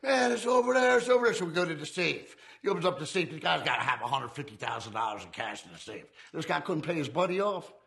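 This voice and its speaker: A man's voice: fairly high pitch, animated, quick pace, creaky, hardly any pauses, sharp tone. A man candidly telling his life of crime in profane, streetwise talk. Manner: profane, streetwise, acts out quoted voices. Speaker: former criminal telling his life story.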